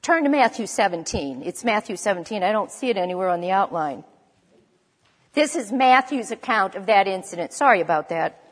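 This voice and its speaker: A woman's voice: medium pitch, animated, brisk, big-room sound. A woman preaching a sermon in a conversational way, stopping to correct herself as she goes. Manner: conversational, with restarts and self-corrections.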